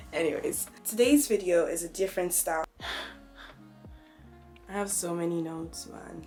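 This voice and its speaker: A woman's voice: lowish voice, darkish tone. A young woman, talking openly and reflectively in a personal vlog. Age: young adult. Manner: open, conversational, reflective. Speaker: vlogger.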